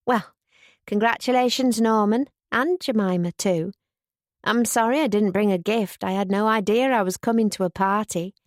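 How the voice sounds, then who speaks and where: A woman's voice: mid-range voice, moderate pace, dry recording, lightly acted. A woman voicing a level-headed young woman with a dry, good-humoured manner. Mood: wry.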